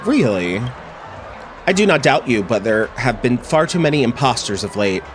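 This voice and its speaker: A man's voice: mid-range voice, sing-song, normal speed, slight background noise, lightly acted. A man reading a sly, polished journalist. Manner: polished, teasing, theatrical. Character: smooth, sly investigative journalist.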